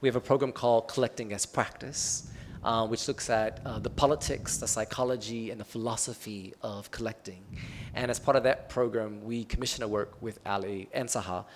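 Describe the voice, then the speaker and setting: There's slight background noise as a man with a fairly low pitch speaks fairly quickly on an arts event panel. He sounds relaxed and conversational, leaning heavily on "um" and "kinda."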